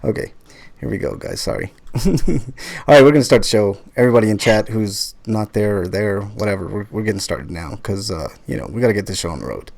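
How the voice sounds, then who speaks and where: A man's voice: on the low side, fairly quick, vocal fry, a little mellow. A man hosting a live podcast in casual chat, joking and swearing, with lots of fillers. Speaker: podcast host.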